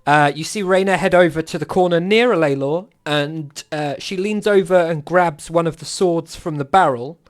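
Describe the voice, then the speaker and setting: Laughing game master. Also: male voice, fairly high pitch, moderate pace, hardly any pauses. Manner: laughs often, drops into character voices. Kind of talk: narrating a tabletop game.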